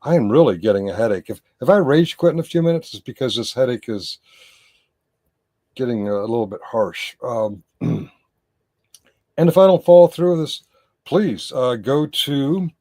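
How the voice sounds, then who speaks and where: A man's voice: mid-range voice, moderate pace, warm tone. A man commenting on a livestream in a casual, rambling way, often stopping to correct himself and address his chat.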